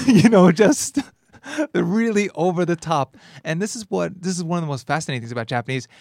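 A man hosting a language lesson podcast, explaining grammar in a lively way, laughing often and acting out dialogue lines. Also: high voice, a little fast, gravelly, no room sound, clean studio sound. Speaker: language teacher and host.

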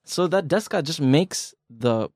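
On a relaxed language-learning podcast, this male co-host explains things through jokes and everyday examples in a chatty way. His voice is fairly high with lively intonation, unhurried and a little mellow. The studio-quality audio has no room sound.

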